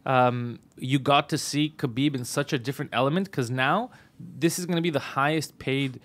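A man's voice: medium pitch, normal speed, fairly bright tone. A man joking through a casual podcast chat, slipping into exaggerated voices. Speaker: podcast host.

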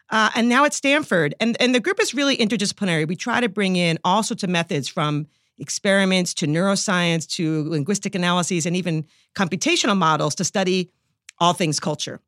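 Animated New York woman telling stories. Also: fairly low pitch, dry recording, clean studio sound. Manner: animated storyteller, laughs easily. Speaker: guest, psychology professor. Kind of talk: conversational interview answers.

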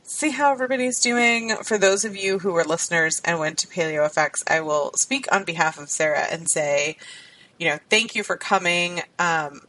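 Playful woman co-host in easy chat, a little low-pitched. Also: moderate pace, bright, forceful tone, rough recording. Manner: upbeat, playful, chatty. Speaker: podcast co-host. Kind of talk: casual chat.

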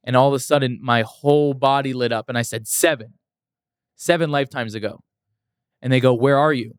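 Young male motivational speaker, earnest and emphatic, smooth resonant voice, dry close mic. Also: medium pitch, fairly quick, dry recording. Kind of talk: casual interview storytelling.

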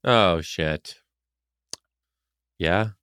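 A young man co-hosting a casual chat with his mother, playful and defensive, his voice jumping high when he protests. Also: drawn-out words, fairly bright tone, clean tone, dry recording, studio quality. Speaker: co-host. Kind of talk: casual banter.

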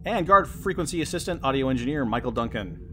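Man, podcast co-host, thank-you read, clear background music. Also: mid-range voice, expressive, fast talker, fairly bright tone. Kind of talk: reading sponsor thanks.

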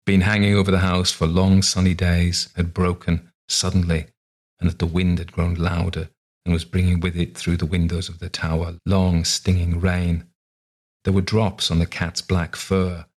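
A man narrating a short story in a measured, even storytelling voice. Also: low-pitched.

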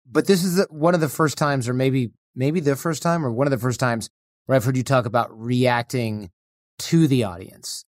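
A man's voice: medium pitch, normal speed, no echo, clean studio sound. A man hosting a podcast, asking thoughtful questions and giving brief, attentive replies. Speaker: podcast host. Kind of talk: interviewer in a podcast chat.

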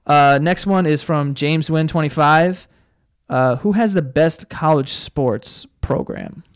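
Casual man hosting a sports chat, slightly high voice. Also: slow pace, clean tone. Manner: loose, swears often, heavy filler words. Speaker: podcast host reading listener questions.

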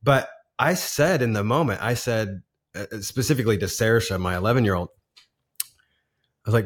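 A man's voice: mid-range voice, animated, normal speed. A man in his forties, a podcast guest, telling a personal story in a casual, earnest way with frequent laughs and restarts.

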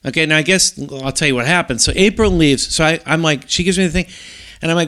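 A middle-aged man telling a long story in casual talk, rambling and animated, with many restarts. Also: a little high, quick pace.

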